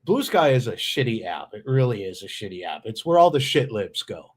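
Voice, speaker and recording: A man's voice: lowish voice, big pitch swings, brisk, husky. A man hosting a casual livestream, blunt, profane and sarcastic as he reacts to clips. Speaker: streamer host.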